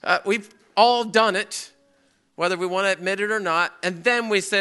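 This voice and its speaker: Animated preacher with a bright voice. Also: male voice, sits high, normal speed, clear, resonant tone. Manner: animated, acts out quoted people and prayers. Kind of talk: sermon.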